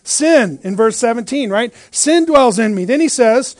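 A man teaching a Bible study, lively and full of rhetorical questions, often checking in with "right?". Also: extremely high pitch, a little slow, hardly any pauses, no room sound.

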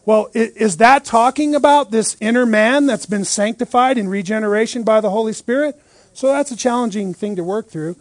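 A man teaching a Bible study, lively and full of rhetorical questions, often checking in with "right?". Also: high-pitched, moderate pace, no echo.

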